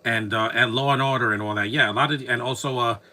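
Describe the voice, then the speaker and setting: A man's voice: medium pitch, fairly even intonation, fast, pushed and bright. A man giving casual, opinionated commentary while watching a film, rambling and restarting his sentences.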